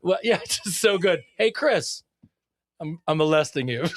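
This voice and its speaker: Fields: Sex: man. Role: podcast host. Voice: high. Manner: excitable, rambling, profane. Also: slow pace, long pauses, no room sound, studio quality. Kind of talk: casual podcast chat.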